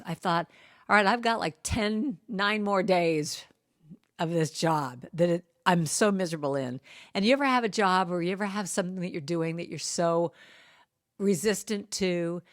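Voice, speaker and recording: A middle-aged woman tells a personal story from the stage, slipping into the voices of the people she quotes. Her voice sits fairly low for a woman. The sound is close and dry. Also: no room sound. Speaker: guest speaker. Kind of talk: storytelling talk.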